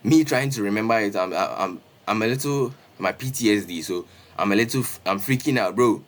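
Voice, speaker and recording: Animated young man telling a story. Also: lowish voice, a little fast. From Ghana. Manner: animated, repetitive, peppers talk with "bro" and "Charlie". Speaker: streamer. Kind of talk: casual storytime livestream.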